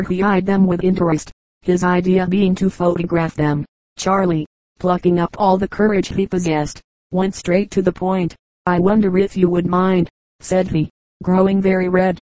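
A woman reading a children's story aloud as an audiobook narrator, in an even, measured way. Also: lowish voice, dry recording, low-quality recording. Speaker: audiobook reader. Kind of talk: scripted narration.

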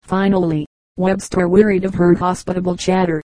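A woman narrating humorous anecdotes for an audiobook in an even, measured way. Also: lowish voice, no echo, low-quality recording. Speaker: audiobook reader.

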